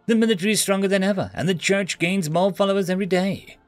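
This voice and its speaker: A man's voice: high-pitched, quick pace, no echo, soft background music, pitched above the performer's own voice, close to an everyday voice. A man voicing a nervous young male alien spawn who stammers and speaks tentatively. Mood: curious.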